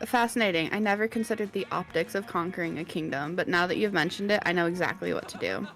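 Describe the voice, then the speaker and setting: A woman's voice: on the low side, quick pace, a bit bright, soft background music. A woman voicing a ruthless, bloodthirsty woman conqueror in a grandiose, gleefully menacing manner. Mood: gloating.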